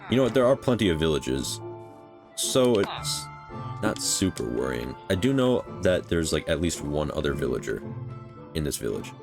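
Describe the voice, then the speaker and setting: A man's voice: a bass voice, very animated, normal speed, music in the background. A man casually commenting on his building game for his own channel, rambling with many fillers and restarts. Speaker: gaming channel host.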